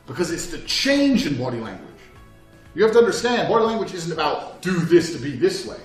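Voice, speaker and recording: A man in his thirties giving a blunt, profane motivational talk, swearing constantly and acting out quoted exchanges. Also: fairly high pitch. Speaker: motivational speaker. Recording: echoey room with faint music.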